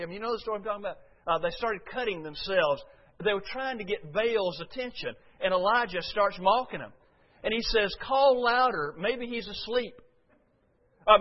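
A man delivering a sermon in a church, chatting to his congregation in a folksy way. His voice sits a little high for a man. The recording is dull and lo-fi. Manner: folksy, conversational preaching with frequent "uh" and rhetorical questions. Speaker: preacher.

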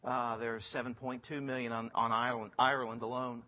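A man's voice: mid-range voice, level tone, a little fast, muffled recording. Earnest missionary man, chatty church report. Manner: earnest, conversational, frequent ums and restarts. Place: church sanctuary.

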